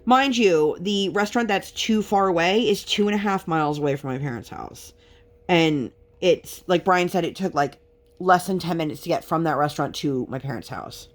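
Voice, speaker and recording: A woman's voice: on the low side, normal speed. Exasperated chatty woman telling a story. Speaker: vlogger. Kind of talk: casual storytelling while crafting.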